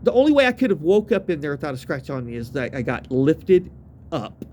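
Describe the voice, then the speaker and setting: A man's voice: on the high side, very animated, fairly quick, mellow, a little hiss or hum. A man telling a rambling, profane story in casual speech, full of restarts and fillers.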